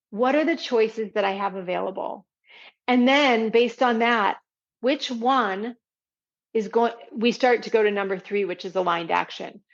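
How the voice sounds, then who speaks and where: A woman's voice: on the high side, creaky, dull audio. A woman hosting a podcast, teaching listeners in a conversational way and checking in often with "right?" as she explains. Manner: explains step by step with frequent "right?" asides. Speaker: podcast host and parenting coach.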